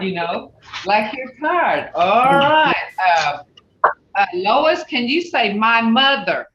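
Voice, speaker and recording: A woman with a fairly high, slightly bright voice runs a language class over video call, and a little hiss or hum sits under the roomy, distant, dull audio. One by one, she patiently calls on students and helps them through each phrase.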